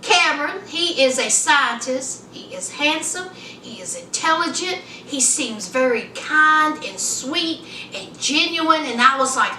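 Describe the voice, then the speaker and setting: A woman's voice: sits high, takes it slowly, pushed and bright, slight background noise. A woman chatting sassily about a TV show, calling her viewers honey and child. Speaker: show reviewer. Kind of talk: casual TV review chat. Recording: echoey room, mic at a distance.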